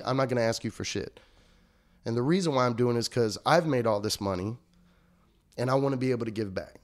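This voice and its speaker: A young man, an interview guest, telling a story in a casual, profane way and acting out the lines of the people in it. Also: medium pitch. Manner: animated, profane, acts out quoted dialogue.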